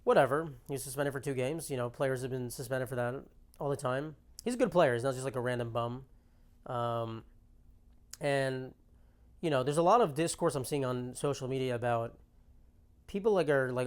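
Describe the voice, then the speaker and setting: A man's voice: medium pitch, normal speed. A man hosting a podcast, talking in a rambling casual monologue loaded with "like" fillers. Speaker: podcast host.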